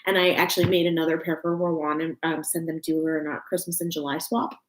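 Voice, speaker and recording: A woman's voice: low-pitched, flat delivery, fast. A young woman with a Texan accent chatting on a crafting livestream at home, rambling and giggling with many fillers. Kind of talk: casual livestream chat. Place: room at home. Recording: roomy home echo.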